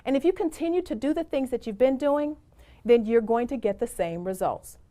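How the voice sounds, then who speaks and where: A woman's voice: a little high, animated, normal speed, warm tone. A middle-aged woman giving a motivational presentation, speaking in an emphatic, encouraging way and telling personal stories.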